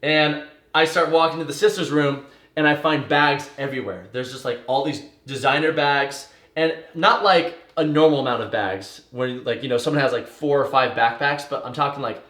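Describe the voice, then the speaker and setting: A man telling a personal story in a casual, animated way, tumbling through details with fillers and swearing. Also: mid-range voice, normal speed. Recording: echoey room.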